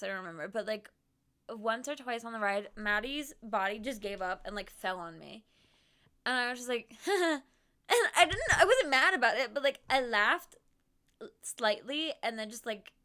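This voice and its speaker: A young woman streamer chatting casually on stream, speaking in a put-on Boston accent. She is animated and self-deprecating, acts out quotes and giggles often. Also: a little high, clean tone. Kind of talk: casual chat. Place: home streaming setup.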